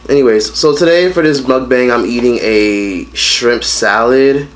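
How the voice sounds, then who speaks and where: A man vlogging casually while he eats a meal at home, talking in a blunt and expressive way and swearing freely. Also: mid-range voice, unhurried, a little hiss or hum. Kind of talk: casual mukbang chat.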